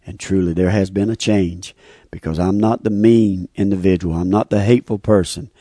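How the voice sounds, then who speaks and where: A man's voice: sits low, fairly even intonation, normal speed, warm tone, no room sound, studio quality. A man giving an earnest, heartfelt personal religious testimony, often repeating his phrases. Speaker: speaker giving a faith testimony. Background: faint guitar music.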